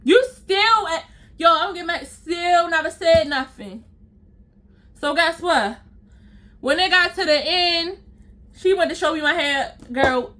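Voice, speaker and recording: A young woman vents a storytime straight to her viewers in a high, sharp, bright voice. She is blunt and exasperated and swears freely as she rants. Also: a little slow, pauses often. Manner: exasperated, blunt and profane, talks straight to "y'all". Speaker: storytime vlogger. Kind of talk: casual storytime rant to viewers.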